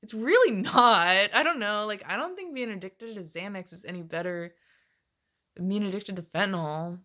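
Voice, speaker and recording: A woman's voice: mid-range voice, expressive, normal speed, bright, forceful tone. A woman in her late twenties rambling casually in a confessional vlog, swearing often and laughing between phrases. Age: late 20s. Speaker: vlogger.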